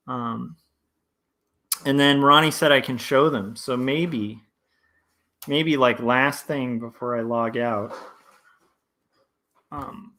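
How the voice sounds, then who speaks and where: A man in his thirties chatting casually on a livestream while he draws, rambling through many fillers and restarts and reading chat messages aloud. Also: mid-range voice. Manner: relaxed and friendly, reads chat aloud. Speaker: comic artist streamer. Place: home studio indoors.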